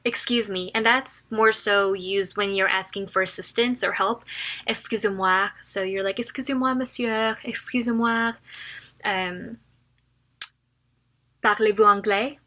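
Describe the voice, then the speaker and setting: Bright-voiced woman teaching phrases. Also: mid-range voice, fairly even intonation. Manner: chatty and informal, repeats phrases slowly for learners. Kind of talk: casual language lesson.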